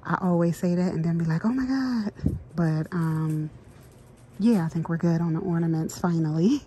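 A woman chatting to her viewers in a casual shopping vlog, excitable and talkative, filmed on a handheld phone inside a store. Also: lowish voice, moderate pace. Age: adult, married mother. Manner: chatty, excitable, talks to viewers as "girl" and "y'all". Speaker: vlogger. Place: inside a large retail store. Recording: store background noise and clicks.

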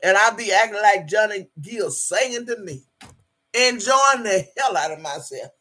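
Woman livestream host, husky and tense-edged, brash and profane, reads chat and laughs a lot. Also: medium pitch, expressive, moderate pace. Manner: loud, profane and boastful, laughs often.

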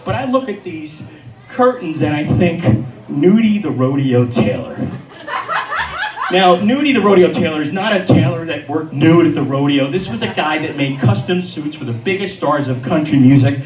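A man's voice: fairly high pitch, moderate pace, crowd noise. A man telling a funny story at a live storytelling event, acting out the people in it. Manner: lively, acts out the voices of the people in his story. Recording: echoey room, mic far off.

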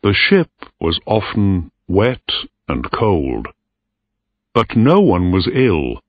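A male narrator reads a simple story at a very slow, clear pace for English learners. His fairly low voice moves lively up and down. The dry recording has a thin, phone-like tone. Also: no echo.

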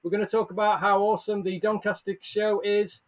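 A man chats live to his viewers in a bright, high-pitched voice. He is upbeat and casual, calling out names from the chat and laughing easily between greetings. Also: little pitch movement, brisk. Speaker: livestream host. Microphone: headset or earbuds with desk mic.

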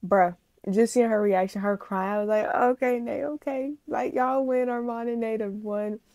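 A woman reaction vlogger in a casual chat to her viewers, speaking, animated, gushing and emotional. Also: fairly high pitch, normal speed, dry recording, studio quality. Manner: chatty, animated, addresses viewers as y'all.

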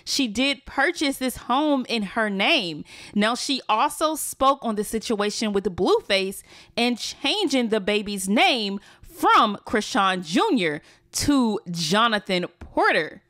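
Bright high-voiced woman recapping gossip. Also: very animated, slow pace, dry recording, clean studio sound. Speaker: host of a celebrity gossip channel. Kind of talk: scripted gossip recap narration.

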